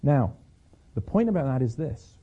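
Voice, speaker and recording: A man's voice: mid-range voice, big pitch swings, normal speed, slightly rough, narrow, tinny audio. A man giving a Christian talk, telling personal stories with frequent restarts and repeated words. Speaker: Christian speaker.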